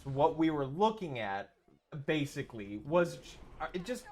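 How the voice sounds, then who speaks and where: A man's voice: a little high, sing-song, normal speed, darkish tone. A man streaming, chatting casually and rambling through a story with many restarts and swearing.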